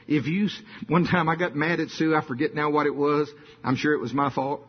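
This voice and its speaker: A man's voice: a little high, a little fast, breathy edge. An older man preaching a sermon in a folksy storytelling manner, building to emphatic bursts. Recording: dull lo-fi sound.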